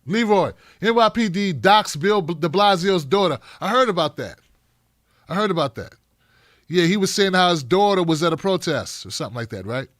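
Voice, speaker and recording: A man's voice: sits high, expressive, normal speed, a bit bright, no echo, clean studio sound. A middle-aged man hosting a live-streamed talk show, reading chat by name and ranting in a blunt, profane way.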